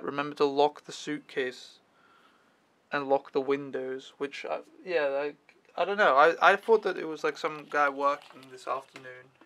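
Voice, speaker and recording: In his slightly high, sharp-toned voice, a young adult au pair vlogger casually narrates his day. He wanders from point to point and curses freely.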